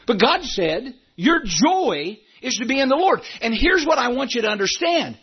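A man preaching from the pulpit in a high, husky voice that swings wildly up and down. He bursts into shouts and then sinks into low, urging talk. The recording sounds dull and lo-fi. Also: big pitch swings, moderate pace. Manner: preaching with sudden shouts and wide swings in pitch. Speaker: pastor. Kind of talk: sermon.

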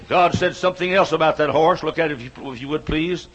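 A man in his sixties preaching a sermon, building repeated phrases up into shouts. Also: a little high, fast, hardly any pauses. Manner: rhythmic repetition, rising to shouts. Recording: dull lo-fi sound.

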